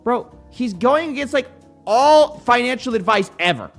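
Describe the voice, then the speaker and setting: A man's voice: extremely high pitch, normal speed, vocal fry, soft background music. A young man hosting a show, giving sarcastic, jokey commentary on video clips. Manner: mocking, animated, jokey. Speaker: host.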